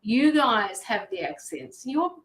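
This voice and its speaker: A woman's voice: fairly high pitch, big pitch swings, slow pace, a bit bright. A woman hosting a live tarot and mediumship stream, chatting casually and greeting viewers by name from her studio. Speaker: tarot reader and medium, show host. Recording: roomy studio echo.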